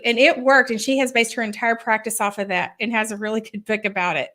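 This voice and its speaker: Woman explaining parenting stuff, bright slightly high voice, earnest, talks through examples. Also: fairly even intonation, fast talker, hardly any pauses. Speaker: parenting expert guest. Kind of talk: advice talk on a live stream. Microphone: online video call.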